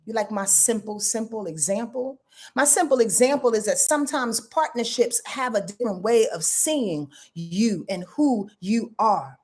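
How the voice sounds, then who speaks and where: A woman hosts a casual astrology live stream in a lively, chatty way, talking directly to her viewers. Her voice sits a little high and leaps up and down. She is goofy and laughs easily at her own stumbles. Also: normal speed. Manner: animated, chatty, addresses viewers as y'all.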